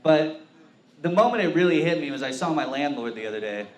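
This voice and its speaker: A man's voice: a little high, expressive, a little fast. A young man from Oklahoma doing a self-mocking stand-up set on a brewery stage. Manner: laid-back, self-mocking joke delivery. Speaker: stand-up comic. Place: brewery comedy stage before a live crowd. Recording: echoey room with faint ambient noise.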